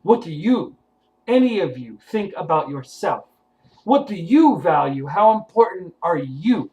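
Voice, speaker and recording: A man's voice: high-pitched, very animated, a little slow, darkish tone, low-quality recording. A man giving a blunt, profane motivational rant to his viewers, confrontational and preachy. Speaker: vlogger.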